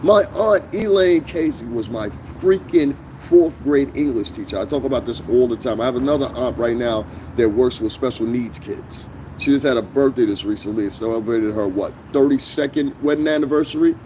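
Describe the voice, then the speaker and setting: In his opinionated commentary vlog, the host goes on a blunt rant loaded with profanity and emphatic jabs. His mid-range voice is mellow, his pace moderate with hardly any pauses, and a little hiss or hum runs under the recording.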